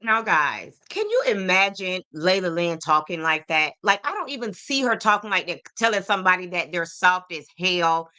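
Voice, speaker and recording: A woman's voice: lowish voice, big pitch swings, normal speed, hardly any pauses, sharp tone. A woman hosting a celebrity gossip podcast, sassy and opinionated, talking straight to her viewers. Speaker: podcast host.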